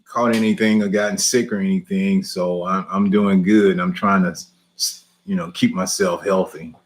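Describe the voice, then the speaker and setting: A man's voice: low-pitched, fairly even intonation, moderate pace. A man hosting a live lawn care question and answer stream, chatting easily, chuckling often and repeating himself.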